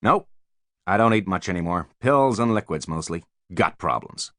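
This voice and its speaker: A man's voice: sits low, expressive, normal speed, dry recording, clean studio sound. Brash middle-aged American mogul, put on by a male reader, American accent, pushy and chummy. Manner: loud, breezy, overfamiliar.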